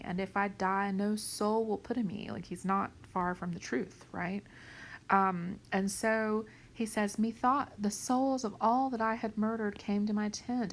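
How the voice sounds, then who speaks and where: Woman teacher going through a play, slow and gravelly, keeps asking "right?", faint hiss behind. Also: medium pitch. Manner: explains plainly, often adds "right?" and "okay?", whispers some quoted lines. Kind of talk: lecture on a play.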